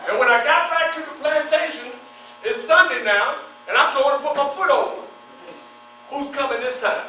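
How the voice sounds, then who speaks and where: A man performing as a historical figure, telling his life story in the first person to a live audience, animated and asking the audience questions as he goes. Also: very high-pitched, moderate pace. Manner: animated, asks the audience questions and answers them. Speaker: historical reenactor performing in character. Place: large echoey hall with an audience. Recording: echoey hall from far off, mains hum.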